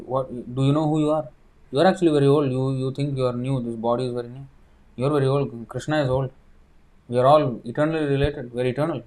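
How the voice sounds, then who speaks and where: A man's voice: mid-range voice, a little mellow. A man, a spiritual teacher answering viewer questions in a livestreamed sermon, emphatic and fond of rhetorical questions.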